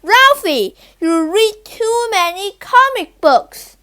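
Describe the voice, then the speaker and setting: A bossy storybook schoolgirl scolds and teases with a loud, high voice, as a woman reads her lines. The delivery is slow and emphatic. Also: lively intonation, full character voice. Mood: scolding.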